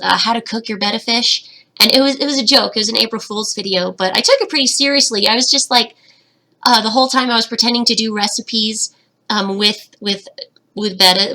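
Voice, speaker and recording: A woman's voice: on the high side, sharp tone. A young woman hosting a casual livestream Q&A, reading chat comments aloud and giggling, her voice slightly cracking, into a webcam at home. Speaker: fish-keeping channel host, betta breeder.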